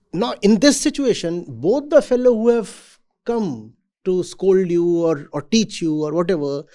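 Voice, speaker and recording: A man giving a reflective talk to students as a spiritual teacher. He speaks in a deliberate, measured way. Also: sits high, darkish tone.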